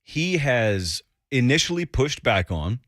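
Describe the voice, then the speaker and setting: Man, football analyst guest, animated storyteller, dry studio sound. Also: mid-range voice, slow, no echo. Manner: animated storyteller, mimics critics. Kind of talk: casual sports radio talk.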